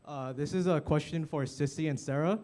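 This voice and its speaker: A man fan asking the panel a question in a halting way. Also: fairly high pitch, darkish tone. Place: café event audience.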